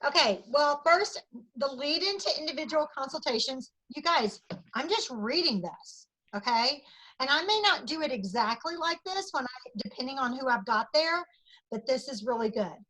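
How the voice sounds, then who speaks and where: A woman's voice: high-pitched, expressive, moderate pace, sharp tone, rough recording. A woman with a Southern US accent running a sales training, upbeat and acting out customer chats. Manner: upbeat, role-plays customer chat with quoted lines. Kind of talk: training talk to a sales team.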